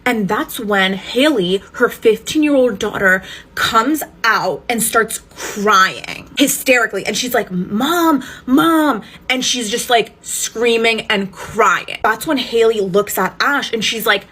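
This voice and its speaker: A woman tells a story in a casual, emphatic way, cursing and sounding indignant. Her voice is high and bright, with a husky, breathy edge. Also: measured pace. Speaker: storytime vlogger.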